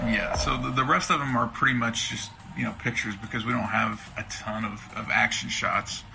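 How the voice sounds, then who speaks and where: A man's voice: mid-range voice, steady tone, moderate pace, gravelly, poor audio. A man co-hosting a casual live stream, giving opinions in a rambling, filler-heavy way. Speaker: co-host presenting a cast reveal. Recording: loud music behind the voice.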